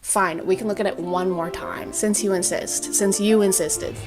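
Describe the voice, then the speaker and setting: A woman hosting comedic commentary, sarcastic and deadpan with theatrical readings. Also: mid-range voice, moderate pace. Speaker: comedy video host. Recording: music under the voice.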